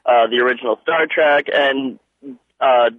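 A man's voice: mid-range voice, measured pace, dry recording. A young man calling in to a radio show, rambling with lots of fillers. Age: young adult. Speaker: caller. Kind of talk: phone-in chat. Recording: muffled phone line.

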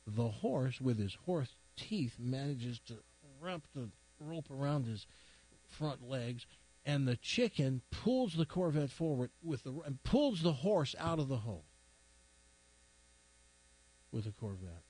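A man's voice: medium pitch, sing-song, slow, darkish tone, slightly rough. A man hosting a radio show who rambles through a long joke and mocks himself along the way. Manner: rambling, self-mocking storyteller. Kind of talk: morning radio banter and joke telling.

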